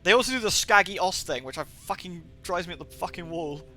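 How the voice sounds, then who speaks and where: A man's voice: high-pitched, lively intonation, a little fast, sharp tone, faint music behind. A man from the southwest of England with a mixed Somerset and Birmingham accent, rambling casually and swearing freely while he streams a game from home. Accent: Somerset and Birmingham mix. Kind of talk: casual live-stream chat.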